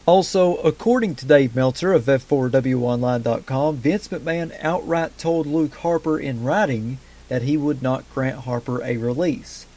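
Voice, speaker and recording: A man's voice: medium pitch, mellow. A man hosting a wrestling news podcast, reading the day's stories from a script and adding casual fan asides. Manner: brisk headline delivery with casual fan asides. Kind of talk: news roundup read from a script.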